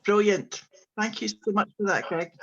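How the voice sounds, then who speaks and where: A woman's voice: medium pitch, normal speed, creaky, muffled recording. A woman hosting an online book launch on a video call, introducing each reader with chatty remarks and frequent ums.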